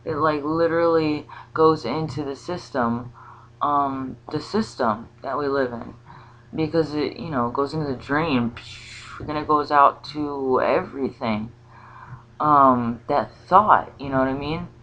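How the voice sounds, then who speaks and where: Woman vlogger, casual spiritual musing, halting delivery, dull lo-fi sound. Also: sits low, fairly bright tone, slight background noise. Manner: rambling, halting, with many restarts and fillers.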